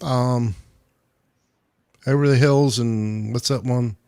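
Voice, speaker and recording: A man's voice: mid-range voice, fairly even intonation, takes it slowly, mellow, smooth, no echo, clean studio sound. A man chatting casually as a guest on a music live stream, asking for song requests. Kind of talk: casual chat.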